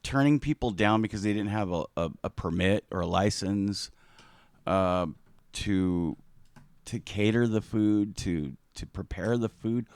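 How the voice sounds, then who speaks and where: A man's voice: mid-range voice, smooth, no room sound, clean studio sound. A man giving heated commentary on a video, emphatic and agitated, repeating his points.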